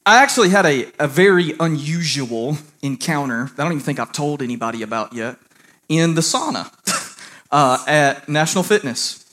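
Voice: medium pitch, lively intonation, moderate pace, a bit bright. A pastor delivering a sermon, telling a story to the congregation and building into fervent preaching.

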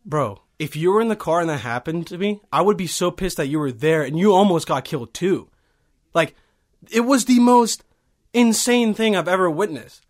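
A man's voice: high voice, lively intonation, moderate pace. A man in his early twenties, from Bosnia, telling a heated, profane story in casual chat. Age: early 20s.

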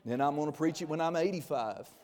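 Fiery forties pastor, slightly high voice, shifting between loud and hushed, in a reverberant hall. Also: male voice, fast. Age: 40s. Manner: emphatic, swings from loud bursts to quiet intimate asides. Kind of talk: sermon.

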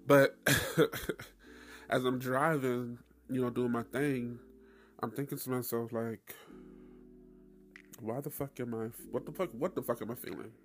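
A man hosting his own podcast, telling a story in a loose, profane, animated way with frequent laughs. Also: mid-range voice. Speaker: podcast host. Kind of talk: casual solo podcast monologue.

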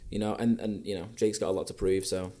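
A young man chatting casually as a podcast guest, telling stories in an animated way. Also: low voice. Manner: fast, animated storyteller. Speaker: podcast guest, video editor.

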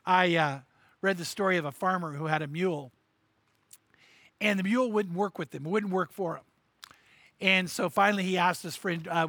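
A middle-aged man preaching a sermon, an animated storyteller who acts out the voices in his anecdotes. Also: high-pitched, moderate pace, long pauses, no room sound. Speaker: pastor. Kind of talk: sermon with acted-out stories.

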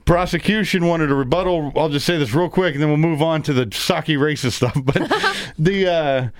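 A man hosting a talk radio show, trading quick, opinionated, joking banter with his co-host from the studio. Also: fairly high pitch, animated, no echo. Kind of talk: conservative talk radio commentary. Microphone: studio microphone.

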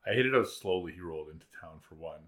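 A man in casual chat recapping a TV episode, animated and acting out characters' lines. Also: deep voice, fast. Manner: animated, acts out lines in put-on voices.

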